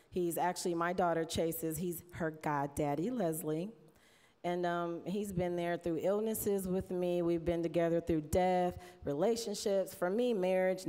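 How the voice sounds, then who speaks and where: A woman's voice: on the low side, clean tone. A woman giving a heartfelt tribute speech, chatty and laughing often, close to tears. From United States. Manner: warm, chatty, laughs often, mimics others in quotes. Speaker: award presenter giving an induction speech. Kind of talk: emotional tribute speech at a podium. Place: large hall. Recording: long hall reverb.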